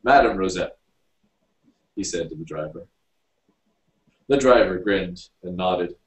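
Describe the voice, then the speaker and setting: A man reading a story aloud, narrating in an unhurried storybook manner. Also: low voice, animated. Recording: roomy, distant mic.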